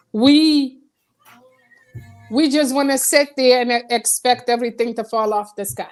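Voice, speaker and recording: A woman hosts a casual spiritual podcast, speaking in a reflective way. Her voice sits high. She mixes in small acted lines for the spirits she talks about. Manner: reflective, acts out quoted spirits. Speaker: podcast host.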